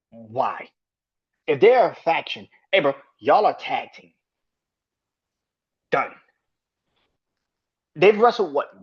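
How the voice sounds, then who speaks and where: Husky and rather high, a male podcast host delivers a heated, profane rant about wrestling, laughing in exasperated disbelief. The recording quality is dull lo-fi.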